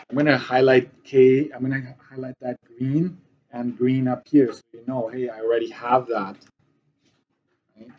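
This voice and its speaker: A man's voice: medium pitch, a little mellow, muffled recording. A male math teacher giving a classroom lesson, often checking that his students follow.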